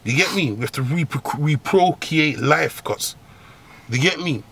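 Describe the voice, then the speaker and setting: Brief: male comic host, higher-pitched voice, rowdy slang advice rant with squealing laughs. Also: a little slow, creaky, slightly rough. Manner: slangy, profane, laughing, animated swings into high squeals. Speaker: agony-uncle comedy host.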